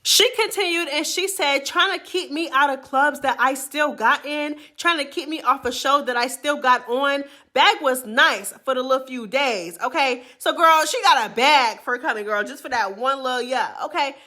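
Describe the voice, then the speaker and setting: A woman's voice: sits high, moderate pace, few pauses, bright, forceful tone. A woman hosting a reality TV recap, talking in a sassy, chatty way full of slang and frequent laughter. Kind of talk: casual gossip commentary.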